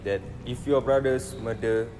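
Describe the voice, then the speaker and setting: A man voicing a smooth, evasive male official who speaks politely and dryly. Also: medium pitch, steady tone, measured pace, close to an everyday voice. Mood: cool. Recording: clear background noise.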